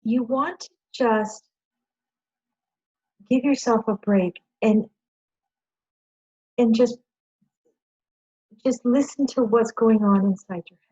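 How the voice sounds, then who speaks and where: A woman's voice: on the high side, warm tone. Woman presenter on dull lo-fi audio. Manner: conversational, self-deprecating, acts out her own inner voice. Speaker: workshop presenter. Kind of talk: informal educational talk on stress.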